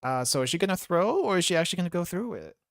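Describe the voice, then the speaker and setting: A man's voice: high-pitched, sing-song, rapid-fire, no room sound, studio quality. A man streaming a game, reacting with casual, wry commentary between reading its dialogue aloud.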